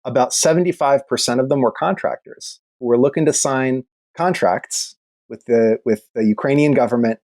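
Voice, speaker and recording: A man's voice: mid-range voice, darkish tone, no room sound. A man with a mid-range voice appears as a guest on a podcast, telling stories in casual chat. His speech rambles, swears freely and keeps restarting mid-sentence. The recording is dry, with no room sound. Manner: rambling, profane, halting restarts.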